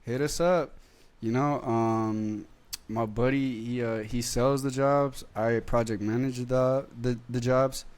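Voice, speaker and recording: A man's voice: medium pitch, steady tone, slow, darkish tone, clear, resonant tone. A young man hosting a podcast in casual chat, talking loosely with lots of slang. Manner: laid-back slang-heavy talk. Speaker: podcast host.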